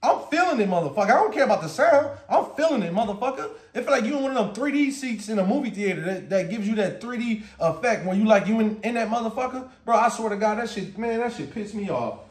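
A man tells a storytime vlog tale in a profane, animated rant, often breaking into laughter. His voice sits high for a man. The room around him is echoey and roomy. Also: quick pace, hardly any pauses. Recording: roomy echo.

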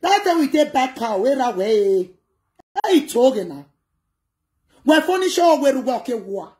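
Animated Nigerian woman with a high voice. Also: normal speed. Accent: Nigerian Pidgin. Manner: animated, switching between pidgin and local language, addressing viewers. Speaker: livestream host. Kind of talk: casual livestream chat.

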